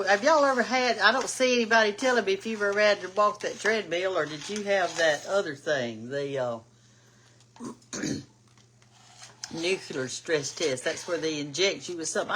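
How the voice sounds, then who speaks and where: At a normal speed, the lowish, slightly bright voice of an older Southern woman carries through her home kitchen as she hosts a cooking show, chatting folksily while she cooks. There's a bit of hiss or hum.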